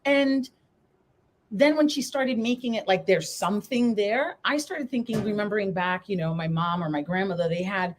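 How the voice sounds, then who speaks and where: A woman's voice: mid-range voice, normal speed, a little hiss or hum. A woman guest in a live interview, telling a personal story in an earnest, candid way and acting out past conversations. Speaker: guest, breast cancer survivor and coach.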